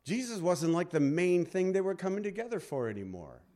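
A man's voice: high-pitched, big pitch swings, fairly quick, warm tone. Man preaching a conversational sermon. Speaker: pastor.

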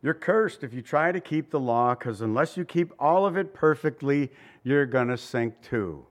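This pastor's sermon is animated and delivered at normal speed in a mid-range male voice. He talks conversationally, tossing out rhetorical questions and occasionally chuckling.

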